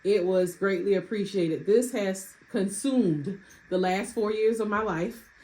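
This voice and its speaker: A woman giving a short thank-you speech on a video call, halting and emotional, close to tears and laughing. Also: mid-range voice, darkish tone, poor audio. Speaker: new doctoral graduate.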